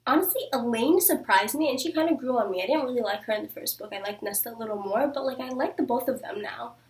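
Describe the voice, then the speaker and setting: A woman's voice: a little high, fast. A young woman reviewing books in a casual vlog, gushing and saying "like" constantly. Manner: gushing, fills speech with "like". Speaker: book reviewer. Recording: voice a bit far from the mic.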